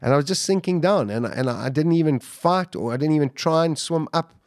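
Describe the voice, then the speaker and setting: A man's voice: brisk, dry recording, clean studio sound. Intense South African man telling a survival story. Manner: vivid, acts out shouts and quotes, voice jumps high when excited. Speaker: guest.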